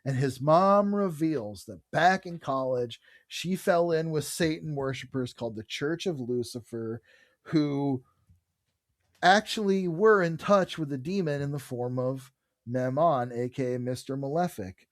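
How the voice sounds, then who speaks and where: A man's voice: fairly high pitch, measured pace, dry recording, clean studio sound. A man co-hosting a podcast, chatting casually and enthusiastically about comic books, reading bits of dialogue aloud. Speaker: podcast co-host. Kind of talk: casual comic book discussion.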